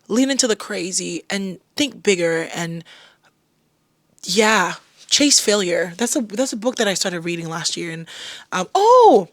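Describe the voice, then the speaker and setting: A young adult woman hosting a podcast, giving a casual motivational talk that breaks into loud, excited bursts. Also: lowish voice, dry recording, studio quality. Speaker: podcast host.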